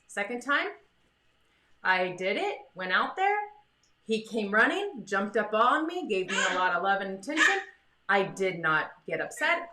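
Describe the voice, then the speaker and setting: A chatty woman gives dog training tips with a bright, forceful voice. She talks in a casual, animated way and slips into little voices for her dog. The sound rings in an echoey room. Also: mid-range voice. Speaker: dog breeder giving training advice. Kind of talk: casual advice talk to camera.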